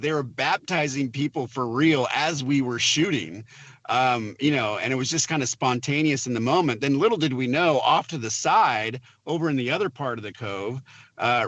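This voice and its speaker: A man, a film producer, telling a lively behind-the-scenes story in an interview, acting out the quoted lines. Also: mid-range voice, dry recording, highs cut off. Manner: animated storyteller, acts out quotes with laughs.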